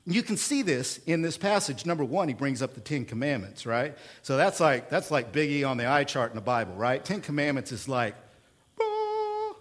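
A man preaching a sermon in a conversational, emphatic way, with rhetorical questions and swings between loud bursts and quiet asides. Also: medium pitch, lively intonation, fairly quick, hardly any pauses. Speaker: pastor.

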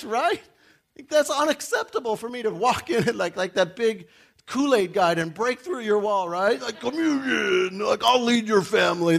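A man's voice: very high voice, a bit bright. A middle-aged man preaching a sermon as a pastor, speaking directly and emphatically to his listeners, with joking asides.

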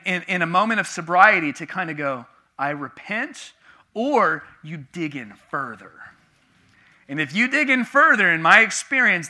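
A man in his thirties preaching to his congregation, with a very bright, forceful tone. He speaks a little higher than most men and tells his story casually and candidly, swinging from hushed asides to loud, punchy emphasis. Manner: conversational, confessional storytelling with sudden bursts of emphasis. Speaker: pastor. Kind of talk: sermon.

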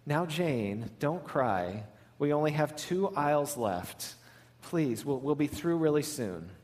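A man voicing a patient mother who speaks softly and calmly, with a serene, measured manner. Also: on the high side. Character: calm patient mother soothing herself.

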